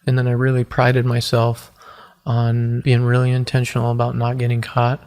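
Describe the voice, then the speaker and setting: A man in his forties telling his personal story as a podcast guest, earnest and halting, with many restarts. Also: mid-range voice, completely flat delivery, a little mellow. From United States. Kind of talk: personal testimony in an interview.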